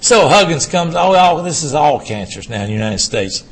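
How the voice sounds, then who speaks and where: An older man giving a urology lecture to an audience, emphatic and animated, firing rhetorical questions at the room. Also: fairly high pitch, moderate pace, breathy edge.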